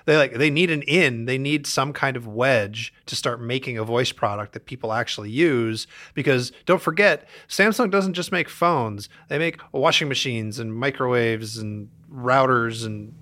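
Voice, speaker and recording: A man's voice: medium pitch, normal speed, few pauses, a bit bright. A man co-hosting a casual tech podcast, rambling through many fillers with a wry tone. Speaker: podcast co-host.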